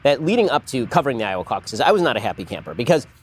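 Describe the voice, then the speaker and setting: A man's voice: mid-range voice, big pitch swings, racing, breathy edge. A man in his thirties giving political commentary in a roundtable, emphatic and sarcastic. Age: 30s. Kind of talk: fast political commentary in chat.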